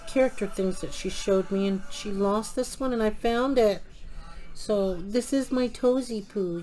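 A woman's voice: medium pitch, poor audio. A woman chatting casually as she works at her craft desk at home, thinking aloud as she goes. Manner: hums and sings softly to herself.

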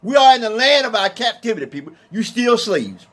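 A man teaching from the Bible in an emphatic, colloquial sermon, slowing down to read scripture. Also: very high voice, very animated, fairly bright tone. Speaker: preacher.

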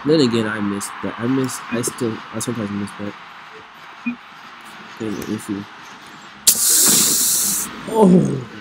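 A man giving excitable let's play commentary, reacting loudly to the plays. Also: lowish voice, measured pace, vocal fry, pauses often. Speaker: gamer. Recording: noisy with game sounds behind.

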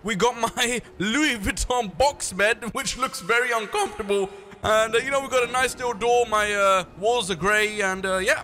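A man doing excitable, joking let's-play commentary on a horror game from his bedroom gaming setup. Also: high-pitched, moderate pace, faint music behind. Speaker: gaming YouTuber.

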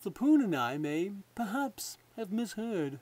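A man voicing a scheming courtier lord who talks in a smooth, falsely courteous way. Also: sits high, sing-song, measured pace, darkish tone, pitched above the performer's own voice, full character voice. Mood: sly.

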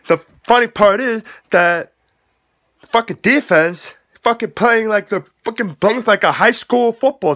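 A man ranting at rival sports fans in a home vlog, swearing a lot, mocking them and breaking into loud laughter. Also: high voice. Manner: profane, mocking, laughing loudly. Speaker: vlogger. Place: at home with the game on TV. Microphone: facing the camera.

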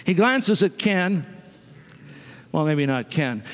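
This pastor speaks in a fairly high, very animated voice, taking things slowly with long pauses. He preaches conversationally to his congregation, turning to the pews for asides. The church sanctuary gives the recording a long reverb.

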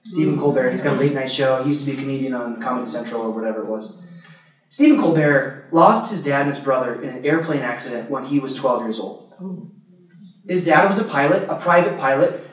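A male priest giving an adult formation talk, lively and often laughing as he tells stories. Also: mid-range voice, quick pace. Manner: animated, laughs while telling stories. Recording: echoey room, mic far off.

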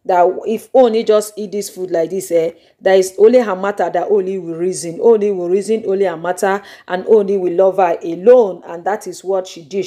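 A young woman with a Nigerian accent hosting a YouTube channel, retelling gossip in an animated storytelling way with dramatic exclamations. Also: mid-range voice. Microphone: microphone.

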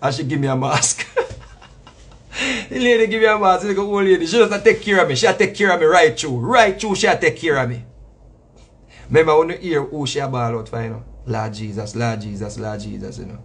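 A man's voice: on the high side, expressive, a little fast, fairly bright tone, slightly rough. A man with a Jamaican accent, a reggae artist, talking in a casual monologue that repeats itself for emphasis. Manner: preachy, repetitive, emphatic with slang asides.

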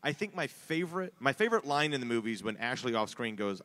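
A man's voice: mid-range voice, big pitch swings, fast talker, fairly bright tone. A man in his forties, an actor on a convention panel, chatting enthusiastically about favorite scenes. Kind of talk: casual panel chat.

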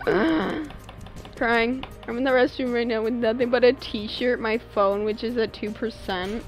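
Young woman streamer, kinda high voice, chill jokey gaming chat, faint game music behind. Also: a little slow. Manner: animated, joking, talks to chat. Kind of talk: casual gaming livestream chat.

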